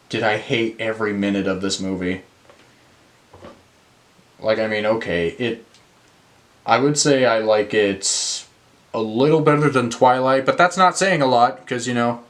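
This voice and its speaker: A young man reviewing films in a casual rant, exasperated, swearing and using lots of fillers. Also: medium pitch. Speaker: movie reviewer.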